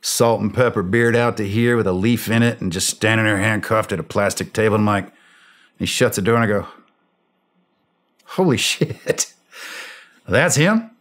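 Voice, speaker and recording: Low-voiced man telling a blunt war story. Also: fast. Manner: animated storyteller acting out quoted dialogue, blunt and profane. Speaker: former special operations soldier, podcast guest. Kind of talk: war story told in a podcast interview.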